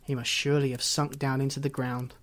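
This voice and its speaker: Brit guy reading as a sad lady ghost, quiet, kinda wry, audiobook vibe. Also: medium pitch, level tone, fairly quick, natural voice. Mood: wistful. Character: murdered woman's ghost, wistful and resigned.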